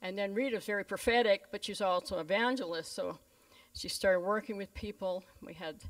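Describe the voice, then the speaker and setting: A woman's voice: mid-range voice, moderate pace, recorded from a distance. Storytelling woman pastor, a bit off-mic. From Canada. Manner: lively storyteller who voices the people in her stories. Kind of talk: storytelling sermon.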